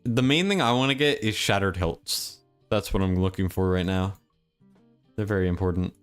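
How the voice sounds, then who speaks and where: Laid-back low-voiced male game streamer. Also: moderate pace, smooth, soft background music. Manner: laid-back, mumbling, reads chat aloud; low-key monotone. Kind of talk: casual game stream commentary.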